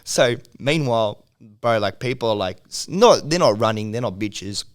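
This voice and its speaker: A man's voice: fairly low pitch, expressive, moderate pace. Profane Australian man telling a story. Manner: profane, rambling, laughs often. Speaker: music video producer, podcast guest. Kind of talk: casual podcast storytelling.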